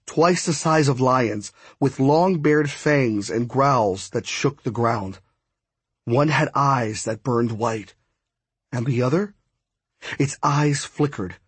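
A man's voice: medium pitch, husky, dry recording. A man narrating a first-person adventure novel as an audiobook, in tense storytelling. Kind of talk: scripted narration.

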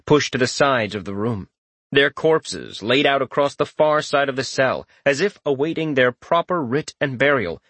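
A man reading a fantasy audiobook in steady, even storytelling narration. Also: mid-range voice, no room sound.

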